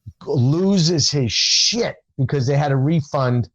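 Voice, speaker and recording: A man, a stand-up comedian, telling an animated story in casual conversation and acting out the dialogue. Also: on the high side, slow, highs cut off.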